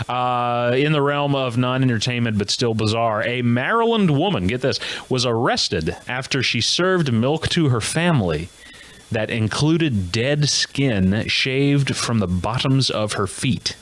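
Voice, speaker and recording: A man's voice: mid-range voice, animated, measured pace, a bit bright. A man hosting a comedy show, delivering a jokey news monologue with self-mocking, rambling asides.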